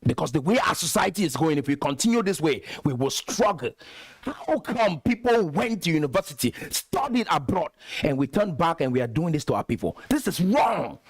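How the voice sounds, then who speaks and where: A man's voice: a little high, very animated, a little fast, husky, dry recording. A man from Cameroon hosting a commentary video, lecturing emphatically and repeating his points. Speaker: host.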